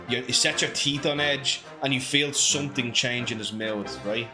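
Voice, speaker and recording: A man's voice: medium pitch, moderate pace, few pauses. A man running a tabletop game as game master, narrating scenes vividly. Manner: vivid, descriptive storytelling. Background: background music.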